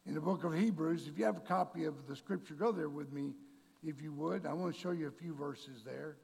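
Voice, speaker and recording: A man preaching a sermon to his congregation, bursting into shouted, drawn-out emphasis and calling them folks and church. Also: fairly high pitch, gravelly, husky. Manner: addresses the congregation directly. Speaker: pastor. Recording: long reverb of a large hall.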